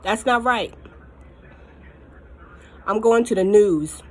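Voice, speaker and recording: A mukbang vlogger speaks slowly in a medium-pitched voice, addressing her viewers directly in a heated personal rant. Furious and emphatic, she repeats her points to drive them home, sounding close to tears throughout.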